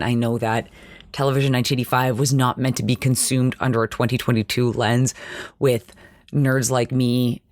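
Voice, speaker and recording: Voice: medium pitch, dry recording, studio quality. A podcast host recapping a TV episode in a chatty, nerdy way and laughing at their own nitpicks.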